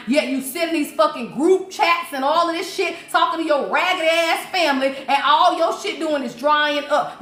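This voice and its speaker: A woman's voice: high voice, a bit bright, echoey room. A woman giving a blunt, profane, preachy spiritual reading on a livestream, laughing often. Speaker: spiritual reader.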